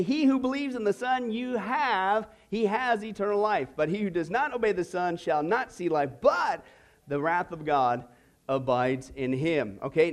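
A man teaching a discipleship Bible class to a live group, playful and jokey, often checking in with "okay?" and "right?". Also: high voice.

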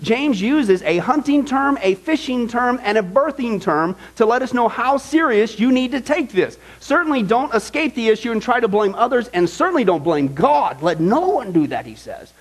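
Male pastor, higher register, emphatic conversational Bible teacher who checks in constantly. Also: sing-song, normal speed, few pauses. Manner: emphatic, checks in with the audience, frequent "okay?".

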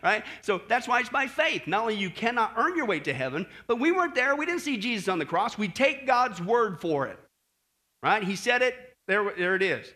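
A pastor preaches briskly in a high-pitched voice, animated as he addresses his congregation. He asks them questions often and drops in friendly "okay?" asides.

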